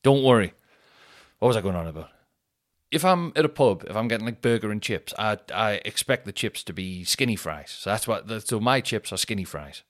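A man's voice: lowish voice, lively intonation, brisk, a bit bright. A young man, a comedian hosting his podcast, rambling through a sweary, self-mocking monologue full of tangents.

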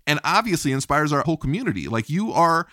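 A man's voice: on the high side, quick pace, no room sound, clean studio sound. A man hosting a podcast, telling stories with energy, swearing freely and acting out what others said. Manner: animated storytelling, swears freely, acts out quotes. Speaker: podcast host. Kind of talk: casual podcast chat.

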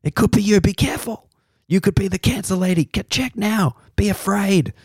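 A man putting on the voice of a fearmongering tabloid headline, shrill and alarmist. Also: normal speed, darkish tone, husky, no echo, clean studio sound.

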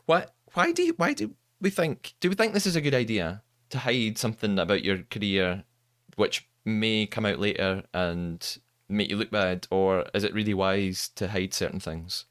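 A man's voice: on the low side, normal speed, fairly bright tone, no room sound, studio quality. A man hosting a podcast, chatting casually, asking his guest questions and laughing easily. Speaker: podcast host. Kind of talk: casual chat.

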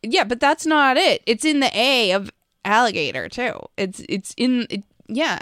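A woman co-hosting a casual talk show, easygoing and quick to laugh. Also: a little high, animated, a bit bright, dry recording, clean studio sound. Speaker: radio show co-host.

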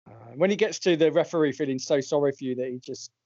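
A man's voice: fairly high pitch, quick pace, a little mellow, no echo. Wry man, chatty host. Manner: wry, rambling, self-correcting. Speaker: podcast host. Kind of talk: casual chat. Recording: dull lo-fi, dry.

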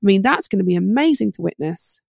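A middle-aged woman parenting coach giving fast, animated advice in a podcast interview, acting out little exchanges between parent and child. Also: medium pitch, vocal fry, no room sound, clean studio sound.

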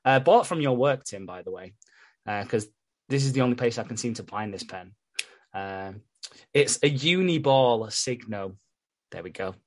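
A man talks through a soap episode in loose, chatty podcast fashion. He swears freely, laughs often and drops into quoted voices for the characters. His voice sits at an ordinary middle pitch. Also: expressive, normal speed. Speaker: podcast co-host recapping a soap. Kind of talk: casual chat.

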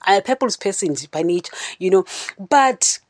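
An earnest woman talks through her faith in a casual, rambling podcast monologue and keeps turning to her listeners. Her voice sits at an ordinary middle pitch. The recording is dry and close, with no room sound. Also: lively intonation, normal speed, no room sound. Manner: earnest, rambling, keeps saying "you know, guys". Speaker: podcast host.

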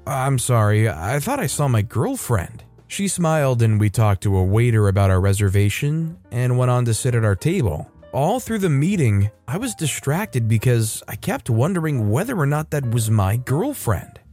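A man narrating a first-person story in an even storytelling manner, lightly voicing the dialogue. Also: medium pitch, normal speed, few pauses, soft background music.

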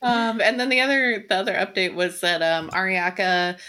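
A woman's voice: medium pitch, fairly even intonation, normal speed, pushed and bright. A woman co-hosting a casual tech news chat, playful and giggly, with many fillers. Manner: giggly, playful, puts on silly accents. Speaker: podcast co-host.

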